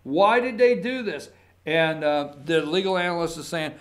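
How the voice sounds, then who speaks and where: High-voiced sarcastic male commentator. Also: lively intonation, normal speed. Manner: sarcastic, combative, rambling with asides. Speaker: political commentary host. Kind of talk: opinionated political commentary.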